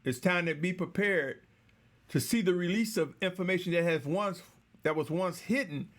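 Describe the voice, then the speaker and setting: A man delivering a slow, measured, exhorting sermon, repeatedly addressing his listeners as brothers and sisters. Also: high voice, a bit bright. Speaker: preacher.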